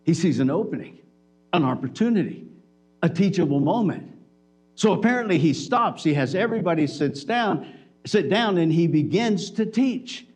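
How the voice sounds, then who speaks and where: A man with a fairly high voice preaching a sermon in a church. He talks to the congregation conversationally. He slips into acted-out bits of dialogue to make his point. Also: expressive, normal speed, darkish tone, slightly rough. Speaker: pastor.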